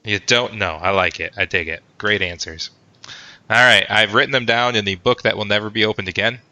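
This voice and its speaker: A man's voice: on the low side, a little fast, sharp tone, dry recording. A man hosting a casual sports podcast, joking and rambling with lots of fillers. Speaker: podcast host. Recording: dull lo-fi sound.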